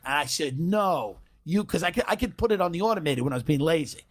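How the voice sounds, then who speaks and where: A man telling a profane comic story in a podcast chat, with brash, quick asides. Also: a little high, lively intonation.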